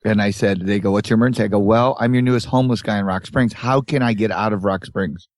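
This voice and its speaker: A man's voice: on the low side, steady tone, quick pace, no room sound. A man co-hosting a podcast, telling a long rambling road story in casual chat and acting out the people in it. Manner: rambling anecdotes with acted-out quotes. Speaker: podcast co-host. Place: tour bus.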